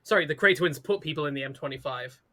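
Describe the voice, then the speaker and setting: A woman from England with a slight Birmingham tinge, hosting a podcast in blunt, profane, excitable casual chat. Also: sits low, quick pace. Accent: Birmingham-tinged English. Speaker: podcast host.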